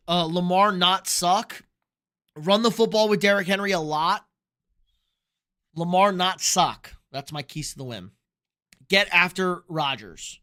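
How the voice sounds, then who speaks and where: Young guy, sports streamer, sharp high voice, loose and profane, a few beers in. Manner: loose, profane, reads chat questions aloud. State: drinking beer. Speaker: sports streamer answering chat. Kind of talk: casual live-stream chat.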